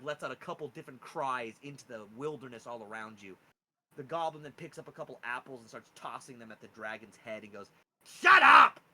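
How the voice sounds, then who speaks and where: A man's voice: mid-range voice, sharp tone, a little hiss or hum, poor audio. A man narrating a tabletop game as game master, describing scenes casually and humming little sound effects.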